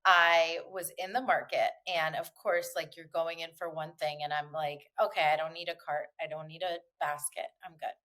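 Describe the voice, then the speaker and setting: A woman's voice: sits low, little pitch movement, moderate pace, hardly any pauses, sharp tone. A woman hosting a casual podcast, telling a story in a chatty way and acting out the dialogue. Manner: chatty storyteller, many likes and quoted dialogue. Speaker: podcast host. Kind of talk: casual chat.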